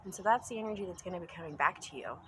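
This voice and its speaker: Earnest, rambling woman, lower voice. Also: expressive, rapid-fire, background noise. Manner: earnest, rambling, repeats phrases for emphasis; laughs and trails off in asides. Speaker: pagan spiritual vlogger. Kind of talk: casual spoken reflection to camera. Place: home basement room.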